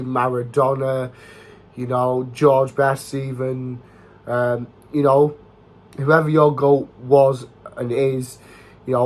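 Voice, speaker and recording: A young man, recording a casual vlog in a level, fairly monotone voice. He rambles on in an easy, chatty way and fills his sentences with "you know" and "obviously". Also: medium pitch. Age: young adult. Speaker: football vlogger. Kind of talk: casual talking-head vlog.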